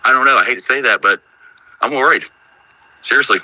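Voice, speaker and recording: Fast-talking worried man in his fifties. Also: medium pitch, bright, forceful tone, poor audio. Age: 50s. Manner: worried, rambling, emphatic. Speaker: caller on a live audio room. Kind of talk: casual chat.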